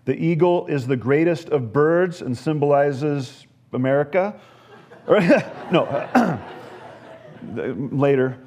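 A man's voice: fairly high pitch, animated, takes it slowly, a little mellow. A man preaching a sermon, earnest, often repeating words as he starts a phrase, with touches of humor.

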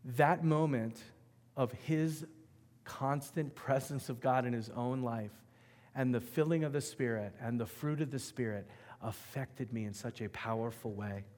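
A middle-aged male pastor preaches in a church sanctuary, his voice carrying a long reverb tail through the hall. He tells stories with animated emphasis, alternating between loud and hushed passages, at a mid-range pitch. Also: unhurried. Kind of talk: sermon with personal storytelling.

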